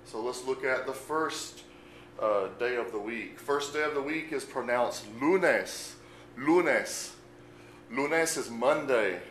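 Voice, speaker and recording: A man at a middle pitch talks slowly and patiently, like a teacher walking through a lesson and spelling each word out letter by letter. His voice rings around an echoey room, and a faint hum sits underneath it. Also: fairly bright tone. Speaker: Spanish teacher. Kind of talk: unscripted language lesson.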